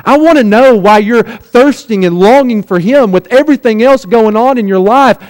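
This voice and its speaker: A young man preaching a sermon in a church, emphatic, slowing right down to linger on the key words. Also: extremely high pitch. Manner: emphatic, with slow drawn-out quoted phrases. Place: church sanctuary. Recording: long reverb of a church hall.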